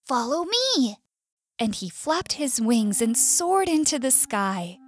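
A woman with an American accent reading a story aloud in slow, clear scripted narration for language learners. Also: fairly high pitch, big pitch swings. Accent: US English.

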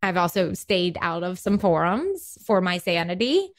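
A woman's voice: fairly low pitch, moderate pace. A woman from South Carolina with a South Carolina accent, co-hosting a dental hygiene podcast in chatty, laughing conversation. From South Carolina, USA. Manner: chatty, laughing, animated storyteller. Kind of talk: casual chat.

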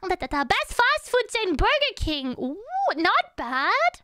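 A woman's voice: very high-pitched, sing-song, measured pace, pushed and bright, dry recording, clean studio sound. A woman streamer chatting casually and playfully with her audience, humming little tunes between thoughts and teasing her chat.

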